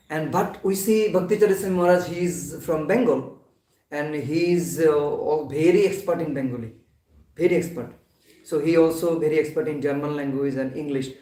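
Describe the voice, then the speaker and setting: A man giving a devotional class in a temple hall. He talks haltingly, with many fillers and restarts. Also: fairly high pitch, mellow. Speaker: temple lecturer. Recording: echoey temple hall, mic at a distance.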